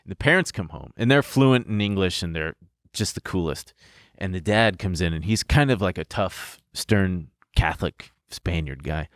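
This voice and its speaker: Podcast co-host, male, deep-set voice, frank and laughing as he recounts. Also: expressive, normal speed, no echo, studio quality. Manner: candid, laughs through his story, swears freely. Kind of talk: casual storytelling chat.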